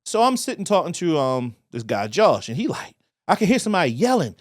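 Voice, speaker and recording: Animated Baltimore man telling stories. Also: on the high side, a little fast, dry recording, clean studio sound. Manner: animated, profane, acts out voices in anecdotes. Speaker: podcast co-host. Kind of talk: casual storytelling.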